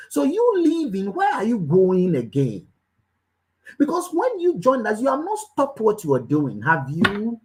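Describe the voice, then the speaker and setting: The audio is poor, and the woman speaking has a fairly high pitch. She coaches in a motivational business talk, emphatic and preachy, drilling the same brief commands repeatedly and firing questions right at those listening.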